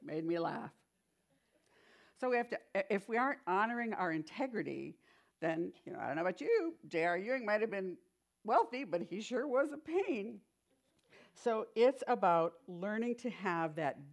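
A woman giving a sermon in a chatty, animated storytelling manner, with frequent asides. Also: on the low side.

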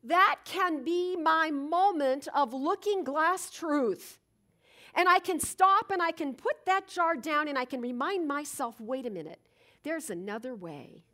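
A woman with a high voice gives an unhurried spiritual talk. She speaks slowly, and her pitch swings widely as she acts out everyday stories. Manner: animated storytelling, acts out moments.

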